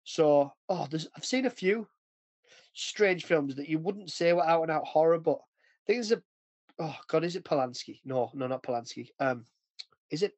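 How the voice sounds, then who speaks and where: Rambling, chatty man with a fairly high voice. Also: lively intonation, moderate pace, darkish tone, dry recording. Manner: rambling, chatty, often breaks into acted quotes. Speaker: podcast host. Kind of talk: casual chat.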